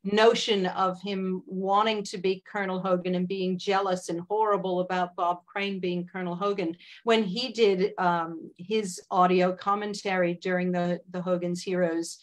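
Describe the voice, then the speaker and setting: A woman, a guest in a conversational interview, talking in a measured way with frequent fillers and asides. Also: fairly low pitch, little pitch movement.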